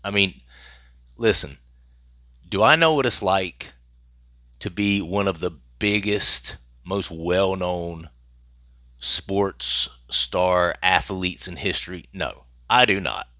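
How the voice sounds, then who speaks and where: A man's voice: low voice, slow, sharp tone, dry recording, clean studio sound. A man hosting his own channel, commenting on celebrity news in a casual, emphatic way and repeating phrases for effect.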